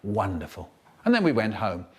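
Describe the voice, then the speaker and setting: A man telling a children's story in a spliced comic edit, with drawn-out words and sudden squeaky jumps in pitch. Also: huge pitch swings, a little mellow, breathy edge.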